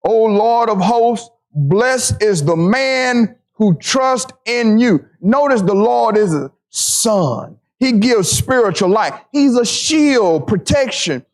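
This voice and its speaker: A man preaching a sermon to his congregation, repeating phrases for emphasis and slowing down to stress scripture. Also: high-pitched, lively intonation.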